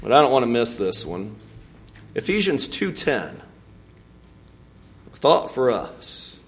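A man teaching a Bible lesson in an animated way, acting out scripture and laughing often. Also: mid-range voice, slow pace.

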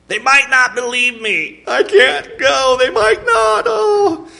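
A man voicing Moses as a timid, pleading grown man whose voice climbs high and whiny. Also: lively intonation, slow pace, vocal fry, bright, forceful tone, heavily acted.

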